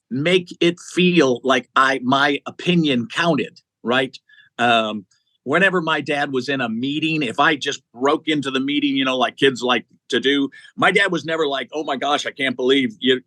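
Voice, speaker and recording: Here a middle-aged executive search CEO spins stories during an interview, lively and playing out each person he quotes. The voice sits in a mid range, recorded dry.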